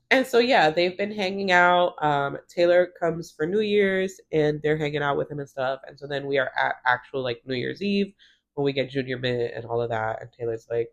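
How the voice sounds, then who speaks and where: A woman's voice: deep voice, fairly quick. Chatty woman recapping a TV episode. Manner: chatty, heavy use of "like", acts out characters' lines. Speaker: TV recap vlogger.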